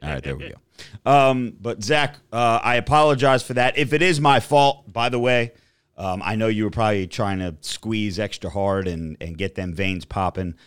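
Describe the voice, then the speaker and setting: Profane rambling podcast guy, lively pitch. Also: normal speed, clear, resonant tone, dry recording, clean studio sound. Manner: profane, rambling, swings from low mumbles to loud rants. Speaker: podcast co-host. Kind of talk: casual podcast chat.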